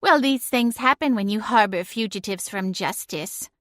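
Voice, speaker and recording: A woman's voice: mid-range voice, normal speed, a bit bright, no room sound, clean studio sound, close to an everyday voice. A woman voicing a smug, sly female talking cat who teases with drawling, passive-aggressive innocence. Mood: smug teasing.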